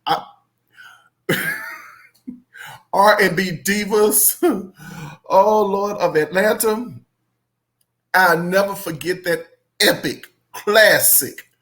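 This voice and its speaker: A woman hosting a casual chat, animated and laughing often as she draws out emphatic phrases. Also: medium pitch, very slow, pauses often. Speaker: podcast host.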